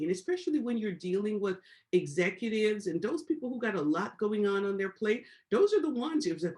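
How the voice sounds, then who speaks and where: A woman leads a motivational coaching session for a group on a call. Her voice sits mid-pitch and she talks in a preacherly way. She repeats key phrases and swings up loud and high for emphasis. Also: big pitch swings, a little fast. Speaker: business coach.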